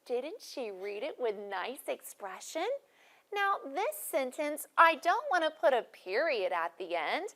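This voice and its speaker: A woman teaching a first grade class, speaking clearly and encouragingly to students watching on video. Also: high-pitched, very animated, pushed and bright. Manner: clear, encouraging, deliberately paced teacher talk.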